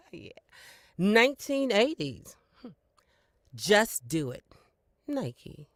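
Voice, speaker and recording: A woman's voice: sing-song, extremely slow, dry recording, studio quality. A woman voice-over contestant from Canada reading a string of commercial tags with playful, dramatic delivery. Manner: playful, dramatic delivery with big pitch swings.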